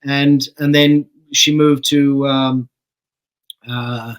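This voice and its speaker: A middle-aged man from Canada, a guest actor telling stories in a relaxed, chatty way, laughing and swearing casually. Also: mid-range voice, very slow, clean tone, low-quality recording. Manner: relaxed anecdotal storytelling, laughs and swears freely. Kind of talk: casual interview chat.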